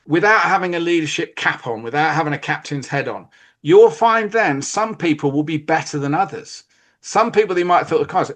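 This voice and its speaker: A British man with a fairly high voice talks through coaching and leadership on a podcast. He explains in a casual, conversational way and slips into quick acted-out lines of players and coaches.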